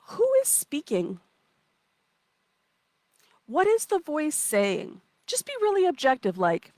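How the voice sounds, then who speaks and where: Coaching a live online session outdoors, a woman is warm, playful and encouraging, reading out chat comments and acting out inner voices. Her high voice swoops wildly in pitch, at a slow pace with frequent pauses, and there's no room sound.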